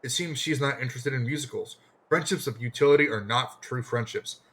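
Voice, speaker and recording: A man's voice: mid-range voice, fairly quick, a bit bright, close to an everyday voice. A man reading the lines of a lonely, well-off young man from a game who wants a friend, in his own everyday voice. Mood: earnest. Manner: plain read-aloud, no put-on voice.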